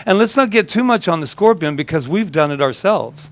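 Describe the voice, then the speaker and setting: A man's voice: sits high, expressive, a little fast. A male minister giving a conversational sermon, telling stories with a humorous, self-deprecating manner.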